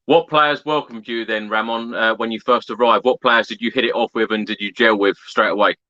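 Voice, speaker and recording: A man's voice: lowish voice, fairly even intonation, a little fast, pushed and bright, no echo. A man hosting a podcast, asking questions in a casual, friendly interview. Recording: dry, dull lo-fi sound.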